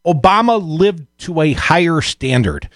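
A man hosting a call-in radio talk show, animated and self-deprecating, talking off the cuff. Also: fairly high pitch, measured pace, no room sound, clean studio sound.

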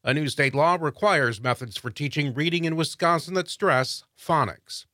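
A man reading state news headlines on radio in a crisp delivery. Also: a little high, moderate pace, pushed and bright, dry recording, studio quality. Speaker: news anchor. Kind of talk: radio newscast.

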